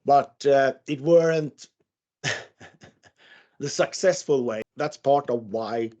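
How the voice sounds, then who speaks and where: A man's voice: mid-range voice, very slow, darkish tone. A man in his forties telling a long story in a casual interview, profane and rambling, often stammering and restarting. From Sweden. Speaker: interviewed musician. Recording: muffled lo-fi recording.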